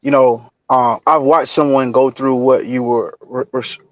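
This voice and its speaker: A man calling in to a live stream, speaking haltingly and reflectively with many fillers. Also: mid-range voice, steady tone. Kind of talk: casual call-in chat. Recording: dull, dry call audio.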